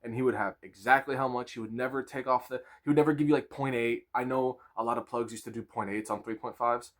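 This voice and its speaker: Young man, 20s, casual storytime, animated, crude slang, laughing. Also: medium pitch, quick pace. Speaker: vlogger telling a story.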